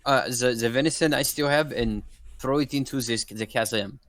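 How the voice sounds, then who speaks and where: A man's voice: mid-range voice, moderate pace, a bit bright. A man playing a tabletop game, speaking hesitantly with many ums and uhs. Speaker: player.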